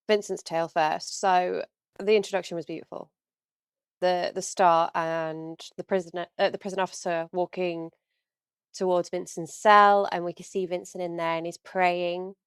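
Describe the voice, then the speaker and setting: A woman's voice: lowish voice, clean tone, dry recording, clean studio sound. A young woman hosting a reaction video, talking casually and gushing, with lots of likes and ums.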